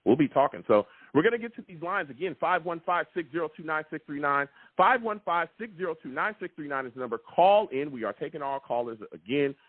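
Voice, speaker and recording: A man hosting a live call-in sports podcast, talking emphatically and repeating himself with excitement. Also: fairly high pitch, fast talker, hardly any pauses, dry recording. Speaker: sports talk show host. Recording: tinny phone-like, dry sound.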